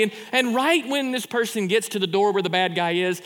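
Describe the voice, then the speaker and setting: A man preaching a sermon in a conversational, animated way, full of rhetorical questions and quick restarts. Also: high voice, big-room sound. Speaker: pastor.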